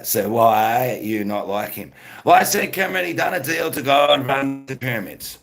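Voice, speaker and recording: A man's voice: mid-range voice, vocal fry, a bit bright. A man, rambling casually to his live-stream chat and greeting viewers by name.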